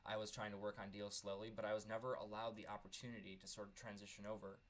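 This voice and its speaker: A man's voice: fairly low pitch, level tone, fast talker. A man in his thirties telling a personal story in a vlog, earnest and candid, often stumbling over repeated words. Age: 30s. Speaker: vlogger.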